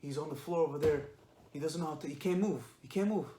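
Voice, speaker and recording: A man's voice: a little high, fast, dark tone, slight background noise. A man giving a religious lesson, emphatic and repetitive, often asking rhetorical questions. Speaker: Torah lecturer. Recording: echoey room.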